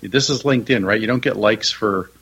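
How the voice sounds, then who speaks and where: A man co-hosting a podcast, telling a story in a joking, halting way. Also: lowish voice, vocal fry, a bit bright, husky, low-quality recording. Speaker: podcast co-host. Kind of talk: casual chat.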